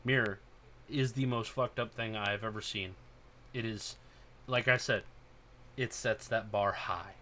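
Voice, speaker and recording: Male podcast host, casual and excitable, cursing freely, bright edge to the voice. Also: fairly low pitch, a little slow, long pauses. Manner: excited, profane, loud when acting out scenes. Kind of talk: casual chat.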